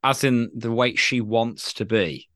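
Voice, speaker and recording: A man's voice: mid-range voice, a little slow, fairly bright tone, dry recording, studio quality. A man co-hosting a podcast, chatting casually and reacting with enthusiasm. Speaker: podcast co-host. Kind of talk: casual chat.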